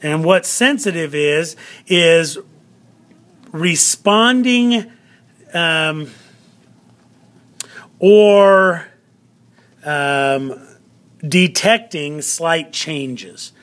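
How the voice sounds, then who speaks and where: A male teacher giving a vocabulary lesson to students, drawing out words slowly and checking in often. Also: a little high, fairly bright tone. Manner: slow, drawn-out word pronunciation with frequent "all right" check-ins.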